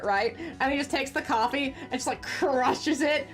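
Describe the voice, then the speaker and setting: A woman streaming a game playthrough, riffing on the story between lines. Her talk is animated and casual, with laughing asides and a fairly high voice. Faint music plays under her. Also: normal speed, hardly any pauses. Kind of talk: live game playthrough commentary.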